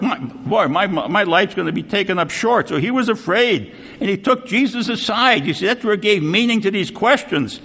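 A man's voice: high voice, animated, normal speed, a bit bright, breathy edge. A man preaching a sermon, conversational and constantly checking in with "see?", with a long hall reverb. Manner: conversational, repeats "see?" often.

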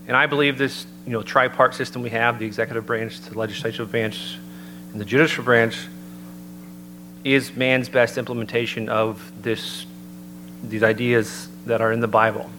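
A man giving an earnest, measured sermon-style talk and citing scripture as he builds his points. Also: mid-range voice, flat delivery. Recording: noticeable background hum.

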